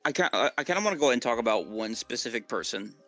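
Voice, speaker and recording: A man's voice: mid-range voice, expressive, racing, pushed and bright, no echo. A man with a Southern US accent, rambling through game lore in casual chat with many fillers and restarts. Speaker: co-host.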